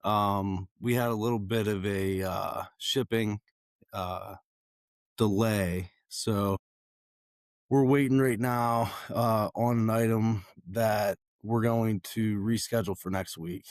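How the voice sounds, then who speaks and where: A man losing his voice, talking in a raspy, hoarse way with many fillers and restarts in a casual conversation. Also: lowish voice, fairly even intonation, slow pace, dry recording, studio quality. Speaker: guest.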